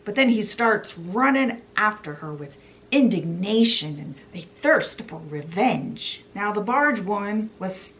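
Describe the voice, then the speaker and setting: A woman's voice: medium pitch, expressive, measured pace, a bit bright. A woman hosting a book channel, retelling a classic story in a chatty, casual way. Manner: chatty, fills with "you know" and "he's like".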